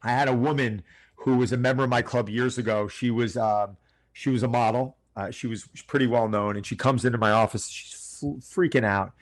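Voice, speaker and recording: A man's voice: medium pitch, steady tone, fairly quick. A middle-aged man, a personal trainer, talking in a casual podcast interview with an earnest, coaching manner, often acting out his clients' lines. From Long Island, New York.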